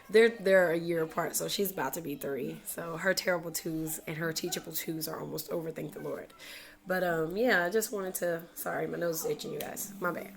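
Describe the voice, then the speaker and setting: A woman's voice: sits low, fairly even intonation, normal speed, gravelly. A young woman in a casual home parenting vlog, chatty and full of "you know". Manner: chatty, repeats phrases, says "you know" often. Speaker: mother vlogger. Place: at home indoors.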